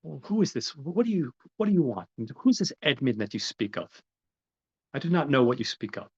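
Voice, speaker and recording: A man plays a proud count who answers in stiff, formal phrases. His voice jumps well above its usual low range. The sound is muffled and lo-fi. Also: sing-song, a little fast, slightly rough. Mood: feigned surprise. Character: startled proud male count, feigning ignorance. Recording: dull lo-fi recording.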